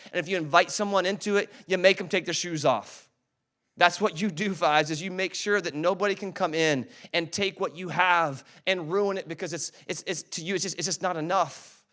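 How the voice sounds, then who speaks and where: A man delivers a sermon in a relaxed, talky way, and his voice sits a little higher than most men's. He slows right down to lean on the words of a verse and calls on the room to say them back with him. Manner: conversational preaching, slows down to stress scripture; calls on the congregation to repeat after him. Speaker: pastor. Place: church service.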